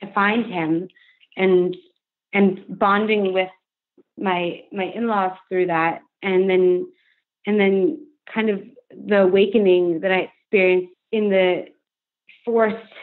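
A young adult woman speaking earnestly and candidly as a podcast guest, with frequent "like" fillers. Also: medium pitch. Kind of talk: candid interview conversation. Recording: phone-line remote call.

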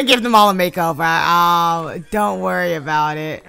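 A woman giving casual Let's Play commentary, exasperated and bursting into loud outbursts at the game. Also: fairly low pitch, moderate pace, gravelly, clean tone. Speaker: gaming YouTuber.

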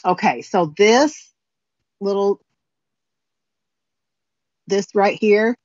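A woman with a southern Indiana accent, a guest crafter, chats folksily while walking through a finishing technique step by step. Her mid-range, darkish voice is extremely slow. The audio is dry and dull.

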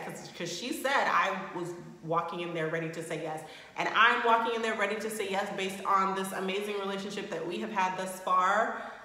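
Chatty young woman in an echoey room. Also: medium pitch. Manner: chatty, reacts with bursts of loud shocked indignation. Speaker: recap host. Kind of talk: casual recap commentary. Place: home room. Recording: roomy echo with long reverb.

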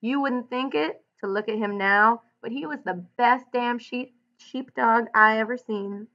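A woman reading the part of a worried, soft-spoken old ranch man, on a dull lo-fi recording. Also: fairly high pitch, a little slow. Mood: pleading.

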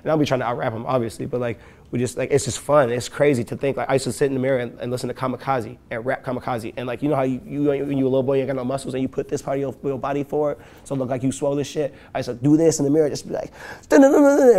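A man's voice: mid-range voice, fairly even intonation, very fast, mellow. A man, telling loose, profane stories in an interview and laughing often. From west side of Chicago. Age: late 20s. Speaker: rapper and producer, interview guest. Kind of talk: casual storytelling interview.

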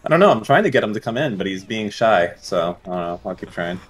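Animated, teasing man on a call. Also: lowish voice, fast. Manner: teasing, sarcastic, playful. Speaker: call organizer. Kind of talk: casual chat on a voice call.

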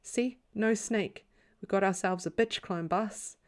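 A woman's voice: medium pitch, unhurried, a little mellow, close to an everyday voice. A woman reader voicing a big, good-humoured Zulu farmhand who speaks kindly and matter-of-factly in a storybook reading.

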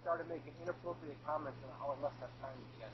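A man's voice: fairly high pitch, steady tone, fast, close to an everyday voice. Man putting on a fake New York accent, grumpy patient, hesitant mumbling, muffled sound. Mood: grumbling. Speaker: prank caller.

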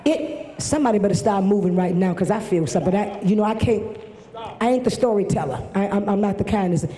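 Speaking quickly in a warm, mid-range voice, a woman preaches fervently with a repetitive cadence during a live camp meeting in a big church. The sound reverberates through the hall over faint noise.

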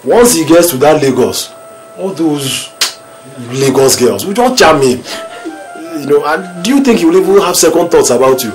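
An actor with a Nigerian accent playing a bossy older brother who coaxes with repeated "eh?" and then threatens, in a film drama. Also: male voice, a little high, very animated, normal speed, rough recording. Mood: coaxing. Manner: coaxing with tag questions "eh?", turning to shouted threats. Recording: film music behind.

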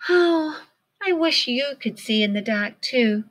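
A woman voicing a sweet, eager young female fruit bat in a read-aloud picture book, with a bright, excited and kind manner. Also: high voice, takes it slowly, voice pushed up, exaggerated voice. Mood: gentle.

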